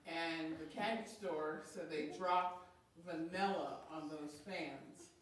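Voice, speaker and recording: A woman in a bible study group explains an example in a steady, matter-of-fact way. She sits far from the microphone, and the room around her is very echoey. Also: low-pitched, takes it slowly. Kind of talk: group discussion answer. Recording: distant mic in a very echoey room.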